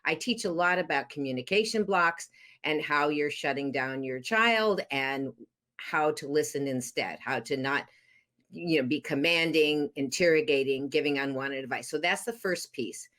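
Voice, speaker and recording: A woman's voice: low voice, moderate pace, fairly bright tone. A woman coaching parents on divorce, explaining steps earnestly with frequent fillers. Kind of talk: podcast interview advice.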